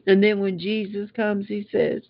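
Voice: medium pitch, flat delivery, moderate pace, vocal fry, no echo, highs cut off. An older Bible teacher reading scripture aloud and stopping often for heartfelt asides.

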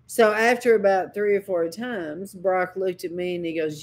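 A woman's voice: on the low side, fairly even intonation, moderate pace. A woman preacher giving a sermon, telling a dream as personal testimony in a dramatic, impassioned way with sudden cries.

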